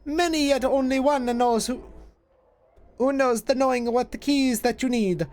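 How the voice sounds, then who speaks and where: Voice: high-pitched, darkish tone, voice pushed up, natural voice. A streamer doing an ancient hissing hag. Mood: cryptic. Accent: put-on foreign lilt, drifting. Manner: archaic twisted word order, hissing and drawn-out. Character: ancient female hag, cryptic and possessive.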